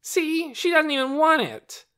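A man's voice: very high-pitched, sing-song, a little slow, a bit bright, pitched above the performer's own voice, full character voice. A man voicing a greedy, bratty little boy who shrieks and makes demands in an audiobook. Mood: bratty yelling. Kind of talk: audiobook character voice.

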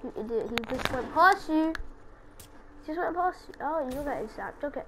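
Very high-pitched excitable woman gamer. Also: moderate pace, music in the background, poor audio. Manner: excitable, taunting other players. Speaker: gameplay commentator. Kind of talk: casual gaming commentary.

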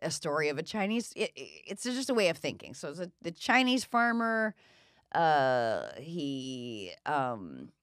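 A woman's voice: sits low, big pitch swings, unhurried, fairly bright tone, clear, resonant tone, dry recording, studio quality. A middle-aged woman hosting a podcast, telling a story casually and loosely with lots of filler words. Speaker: podcast host.

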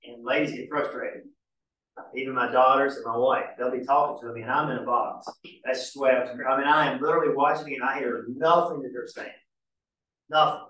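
A pastor teaching a marriage class in a casual, folksy way with homespun examples. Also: male voice, mid-range voice, steady tone, fairly quick, bright, forceful tone. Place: church hall. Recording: very echoey church room, mic far off.

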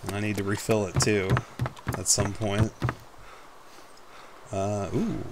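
This gaming YouTuber has a lowish, level voice and speaks slowly over heavy background noise. He rambles casually through commentary on his own gameplay, mocking himself and swearing offhandedly.

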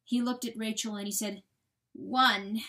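A woman narrating a storybook aloud in a measured, solemn storytelling manner. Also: mid-range voice, fairly even intonation. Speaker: audiobook narrator. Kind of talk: dramatic audiobook reading.

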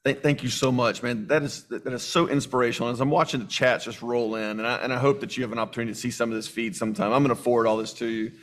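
A man's voice: medium pitch, fairly even intonation, quick pace, few pauses. Guy hosting a faith interview, encouraging, thanking his guest a lot. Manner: warm, encouraging, affirming. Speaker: host.

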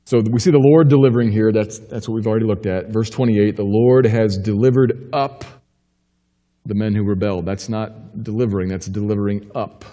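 In a church sanctuary, a male pastor preaches emphatically, his mellow, warm voice carrying a long reverb. He rises into urgent questions, then drops low and quiet to reassure, keeping a steady tone at a slightly fast pace.

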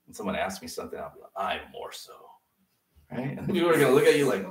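A man's voice: mid-range voice, big pitch swings, rapid-fire. Man, pastor, conversational sermon, acts out quotes, echoey church, mic at a distance.

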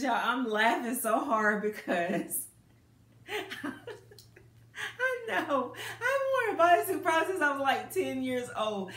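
Middle-aged woman, casual try-on vlogger with very lively pitch, recorded in a roomy space. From United States. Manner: animated, laughing, addresses viewers as girl and y'all. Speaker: fashion vlogger. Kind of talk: casual chatty try-on haul. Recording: echoey room.

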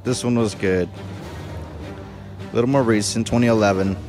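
A man's voice: lowish voice, steady tone, moderate pace, over music. A man in his thirties hosting a reaction video, talking casually, laughing often and swearing freely. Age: 30s.

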